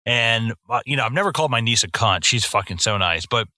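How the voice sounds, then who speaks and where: Young male podcast co-host, casual film talk, swears freely, bright, dry close mic. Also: mid-range voice, brisk, no room sound. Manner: profane, animated storytelling with put-on voices.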